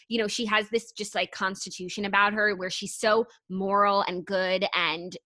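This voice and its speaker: A woman's voice: mid-range voice, bright, forceful tone. A young woman co-hosting a podcast, chatting enthusiastically in casual talk with frequent fillers. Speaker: podcast co-host. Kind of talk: casual chat.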